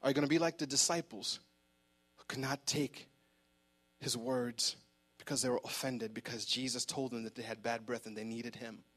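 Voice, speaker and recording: A man's voice: medium pitch, steady tone, normal speed, fairly bright tone. A man preaching a sermon in a church, fervent and emphatic, repeating words as he presses his point. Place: church sanctuary.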